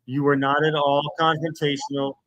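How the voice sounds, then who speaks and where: A man's voice: fairly high pitch, flat delivery, normal speed, fairly bright tone, dull audio. A man arguing over the phone, exasperated and repetitive, swearing as he insists on what happened. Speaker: streamer. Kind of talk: heated one-sided phone argument.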